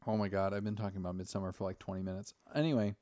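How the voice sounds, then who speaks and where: A young man hosts a podcast, recapping a film in a loose, rambling way, full of swearing and acted-out lines. His voice sits low, and the recording is dry and close. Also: fairly even intonation, rapid-fire, mellow, no echo. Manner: profane, rambling, acts out characters' lines. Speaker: podcast host. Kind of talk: casual chat, movie recap.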